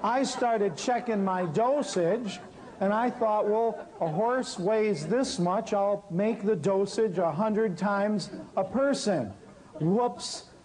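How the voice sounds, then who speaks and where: A man telling a lively story about his work as an herbal healer, acting out the people he quotes. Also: high voice, slow pace, low-quality recording. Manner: animated storyteller, acts out quotes. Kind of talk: storytelling talk.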